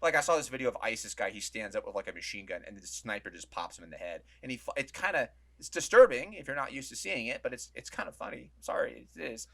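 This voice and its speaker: A man's voice: medium pitch, expressive, fast, creaky, few pauses, bright, forceful tone. A man on a podcast as a guest, ranting heatedly in casual chat and swearing often.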